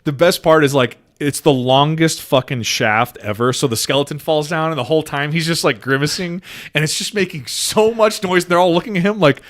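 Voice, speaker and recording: A man's voice: on the high side, fairly quick, no room sound, clean studio sound. A man co-hosting a podcast, telling movie scenes in casual chat with lots of swearing and acted-out lines. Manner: excited, swearing storyteller who acts out scenes. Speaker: podcast co-host.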